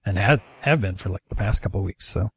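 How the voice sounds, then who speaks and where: A man chatting casually about video games, relaxed and hesitant with many pauses and fillers. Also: lowish voice, breathy edge. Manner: laid-back, hesitant, many uhs. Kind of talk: casual gaming chat.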